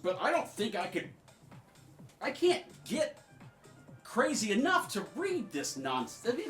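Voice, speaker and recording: A man's voice: very high voice, big pitch swings, measured pace, reverberant, soft background music. A man giving sarcastic, mocking political commentary over clips. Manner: sarcastic, mocking, swinging loud to soft.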